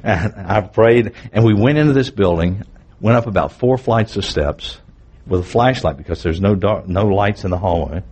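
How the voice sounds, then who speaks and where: A preacher recounts his testimony in a sermon. His low voice is husky. He tells the story earnestly and vividly, with candid asides. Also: moderate pace, darkish tone.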